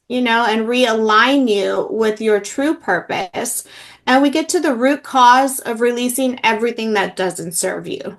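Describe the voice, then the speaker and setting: Earnest woman healer, fairly high voice. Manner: earnest, many fillers. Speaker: emotional healing practitioner. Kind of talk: interview, personal story.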